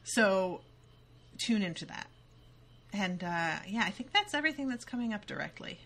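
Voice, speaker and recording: Enthusiastic bright-voiced woman host. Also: medium pitch, big pitch swings, vocal fry. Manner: enthusiastic, fast, swears casually. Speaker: podcast host. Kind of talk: casual chat.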